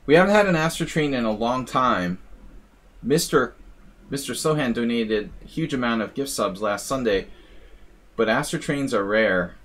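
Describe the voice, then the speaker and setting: A man streaming live, casually commentating chess games and chatting with viewers in a relaxed, musing way. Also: medium pitch, normal speed. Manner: relaxed, musing, talks to chat.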